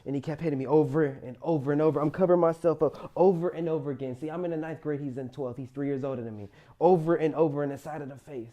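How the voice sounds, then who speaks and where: A young man telling his own life story as a monologue, rising loud in places and sinking quiet in others. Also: a little high, quick pace, few pauses, highs cut off. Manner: emotional, rises loud then drops quiet. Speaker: motivational storyteller.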